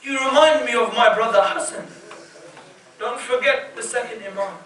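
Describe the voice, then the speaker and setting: A man's voice: very high-pitched, moderate pace, fairly bright tone. A man voicing an anguished noble male imam who pleads and cries out, recorded in an echoey hall. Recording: echoey hall, distant mic.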